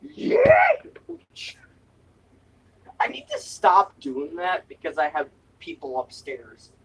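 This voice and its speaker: A young adult live streamer at home, chatting playfully with goofy noises and sudden loud outbursts. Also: mid-range voice, measured pace, recorded from a distance, slight background noise, poor audio. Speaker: live streamer reviewing snacks. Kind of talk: silly, rambling live-stream chat. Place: indoors at home, other people upstairs.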